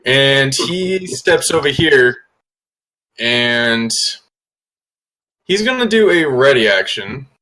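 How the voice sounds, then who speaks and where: A man playing a tabletop game, relaxed, narrating his character in third person. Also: mid-range voice, slow pace, long pauses, poor audio. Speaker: player.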